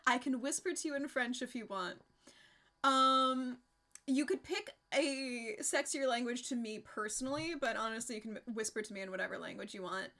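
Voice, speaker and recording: Bright, chatty woman streamer. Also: fairly high pitch, moderate pace. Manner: chatty and rambling, laughs often, swears casually. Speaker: live streamer. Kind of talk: casual live-stream chat with viewers.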